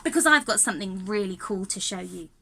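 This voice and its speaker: A woman's voice: medium pitch, expressive, fast, vocal fry, very noisy. A young woman leading a children's singalong and movement lesson, bubbly and encouraging, with a sing-song delivery and frequent laughs. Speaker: early years music and drama teacher.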